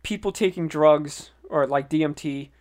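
High-voiced young man, animated chatter. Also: moderate pace. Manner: animated, stammering restarts, acts out quoted voices. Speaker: podcast co-host. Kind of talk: casual chat.

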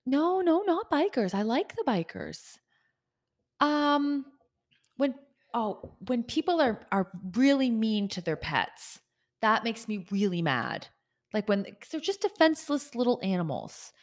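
A woman's voice: a little high, big pitch swings, normal speed. A woman co-hosting a podcast, chatting casually and animatedly, repeating phrases for emphasis. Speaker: podcast co-host. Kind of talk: casual chat.

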